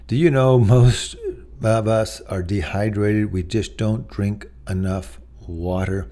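A man's voice: fairly low pitch, fairly even intonation, slow pace, mellow. A middle-aged man preaching a sermon in a conversational way, telling personal stories with many asides. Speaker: pastor.

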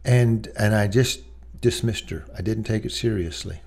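Low, mellow middle-aged male preacher. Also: moderate pace, gravelly. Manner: conversational, personal storytelling with many asides. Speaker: pastor. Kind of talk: sermon.

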